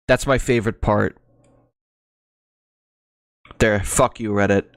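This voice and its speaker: A man's voice: mid-range voice, a little slow, pauses often, dry recording, studio quality. A man streaming from home who chats casually over videos he is watching. He rambles and swears a lot. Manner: rambling and crude, swears often. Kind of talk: casual reaction commentary. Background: music from the video.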